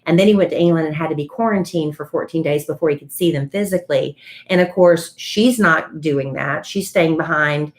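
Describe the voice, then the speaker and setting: A woman with a low, fairly quick voice co-hosts a podcast, chatting casually and relaying celebrity gossip as if telling a story.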